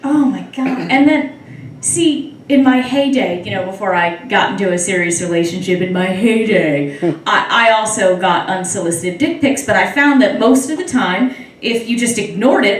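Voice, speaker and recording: At normal speed and medium pitch, a young woman does a stand-up set in front of a live club audience. Her delivery is wry and chatty and she teases the crowd, while the distant mic picks up the room's echo.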